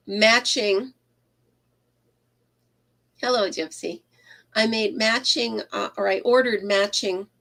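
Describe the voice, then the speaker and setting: Woman, unhurried, rambling livestream crochet host who greets viewers by name. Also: mid-range voice, creaky, fairly bright tone. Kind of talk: casual livestream chat while crocheting. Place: craft room at home.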